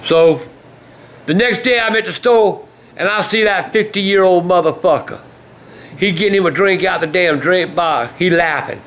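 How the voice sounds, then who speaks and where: An older man telling stories in a foul-mouthed, blustering way that often breaks into shouting. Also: high-pitched, moderate pace. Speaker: storytelling vlogger. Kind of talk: profane storytelling.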